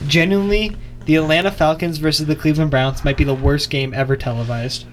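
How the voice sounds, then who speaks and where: A man's voice: on the high side, fairly even intonation, fast talker, slight background noise. Young college radio sports host, man. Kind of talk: casual sports radio chat.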